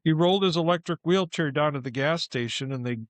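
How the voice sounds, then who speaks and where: Animated male storyteller, fairly high voice. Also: quick pace, no room sound. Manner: animated, acts out the people in his stories. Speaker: ghost tour guide. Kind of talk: casual storytelling.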